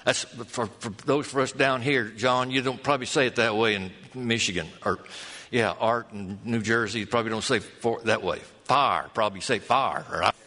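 A man preaching a sermon, folksy and storytelling, drawing out key words slowly. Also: medium pitch, fairly even intonation, sharp tone. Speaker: pastor. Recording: long hall reverb.

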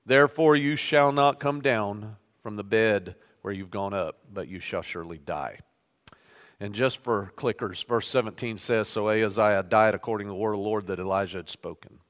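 A man's voice: lowish voice, normal speed, a bit bright. Man preaching in an echoing hall. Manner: reads scripture aloud with rising emphasis on quoted lines. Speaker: pastor. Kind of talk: sermon with scripture reading. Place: church sanctuary.

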